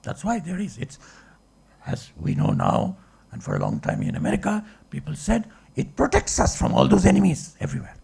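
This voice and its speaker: A man's voice: mid-range voice, huge pitch swings, a little fast, gravelly, a little mellow, slightly rough. A man, a philosophy professor, giving a discursive public lecture and checking in with the audience with rhetorical questions. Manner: discursive, asks rhetorical checks like okay and right.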